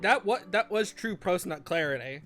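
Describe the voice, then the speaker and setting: A man hosts a loose, joking podcast chat, throwing himself into over-the-top voices for the people he describes. Soft music plays faintly behind him. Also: high voice, expressive, moderate pace. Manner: rambling, mimics characters in exaggerated quotes. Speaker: podcast host. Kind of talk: casual comedic chat.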